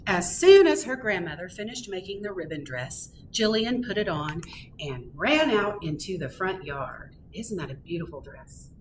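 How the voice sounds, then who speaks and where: Animated woman reading a storybook. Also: lowish voice, normal speed, slight background noise. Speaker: storytime reader. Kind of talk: reading a picture book aloud. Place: public library.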